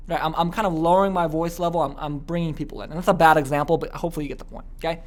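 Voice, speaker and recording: A man teaching a sales training lesson, energetic and often checking in with "okay?". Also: on the high side, racing. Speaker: business coach.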